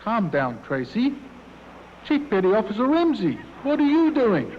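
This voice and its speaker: A man's voice: high-pitched, huge pitch swings, moderate pace, slight background noise. A man voicing a hearty male ship's admiral with a mock Australian twang, in pompous naval bluster, heard through dull, echoey hall playback.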